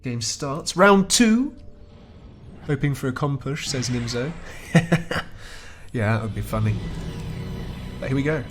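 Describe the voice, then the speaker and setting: A man casting a real-time strategy match with chatty, wry play-by-play and frequent chuckles. His pitch sits in a middle range for a man. Faint music plays underneath. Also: measured pace, long pauses. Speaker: esports caster. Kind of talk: play-by-play game commentary.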